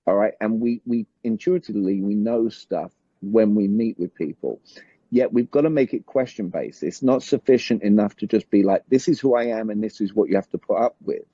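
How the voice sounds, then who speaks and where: A man's voice: on the low side, fairly quick, mellow, slightly rough, dry recording, highs cut off. A man with a British accent teaching a conversation method in an interview, laying out his points in steps and checking in with "all right". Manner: structured, explains in numbered steps, often says "all right". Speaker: summit guest speaker.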